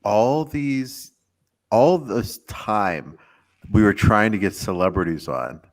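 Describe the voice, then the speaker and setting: A man's voice: on the low side, expressive, slow pace. A man co-hosting a sports podcast, playfully throwing out joking questions. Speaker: podcast co-host. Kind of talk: casual sports chat.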